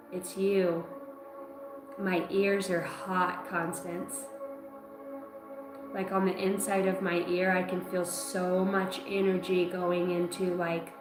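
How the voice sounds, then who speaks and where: A woman in the middle of a live-stream psychic reading, drawing out her words slowly and haltingly. She sounds dreamy and easily moved, with many filler words. Her voice carries through an echoey room over clear background music. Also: fairly low pitch. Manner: halting, dreamy and emotional, full of "like" and "uh". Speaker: psychic reader.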